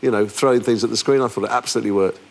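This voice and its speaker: A man's voice: on the low side, very fast, gravelly. An English man, a guest actor on a chat show, telling anecdotes with stammering restarts. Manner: animated storyteller, stammering restarts.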